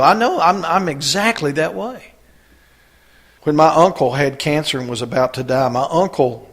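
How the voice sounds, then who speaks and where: A male pastor preaching a sermon, folksy, swinging from loud exhortation to quiet storytelling. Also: a little high.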